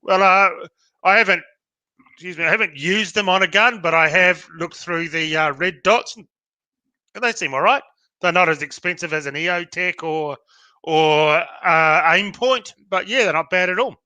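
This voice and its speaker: Bright-voiced Australian bloke, casual. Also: male voice, high-pitched, normal speed, dry recording. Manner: laid-back, lots of fillers, reads viewer comments aloud. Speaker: podcast co-host. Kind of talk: casual chat.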